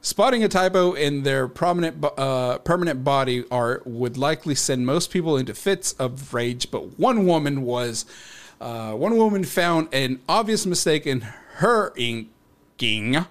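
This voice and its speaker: A man's voice: medium pitch, animated, measured pace. A man co-hosting a podcast, casually reading a news story aloud, laughing, swearing and tripping over words. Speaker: podcast co-host.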